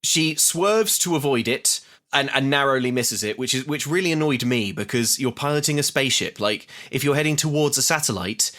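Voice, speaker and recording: A man with a bright, lively tone talks through a film's plot for a podcast. He wanders off into wry tangents as he goes. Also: medium pitch, fairly quick. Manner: wry, rambling, recaps plot with asides. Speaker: podcast co-host. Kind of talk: casual comedic film recap.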